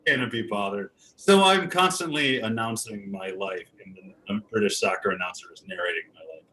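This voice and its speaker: A man's voice: on the low side, brisk, sharp tone, a little hiss or hum, rough recording. A man telling a rambling, wry story on a casual video call. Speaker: improv performer.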